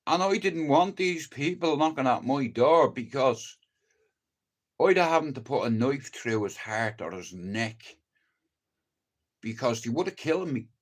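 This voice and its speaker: An older Dublin man talking straight at his audience on a livestream. His speech is blunt and full of swearing, and it runs agitated, with stammered restarts as he pushes through the story. His voice sits at an ordinary middle pitch. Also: lively intonation, unhurried. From Ireland. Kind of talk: casual livestream monologue.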